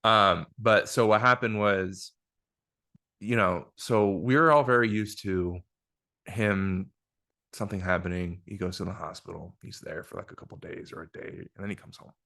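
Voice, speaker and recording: Man, podcast host, deep voice, casual blunt storytelling. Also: moderate pace, creaky, bright, forceful tone. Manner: frank, profane, filler-heavy retelling. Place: indoor room with guest. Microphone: single shared microphone.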